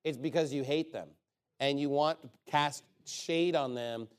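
Fairly high-voiced man preaching emphatically. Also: measured pace, smooth. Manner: emphatic, conversational, rhetorical questions. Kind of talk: sermon.

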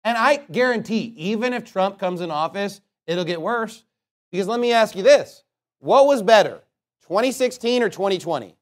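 A man preaching a sermon in a conversational, sarcastic way, with joking asides and loud scripture reading. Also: high voice, animated, moderate pace.

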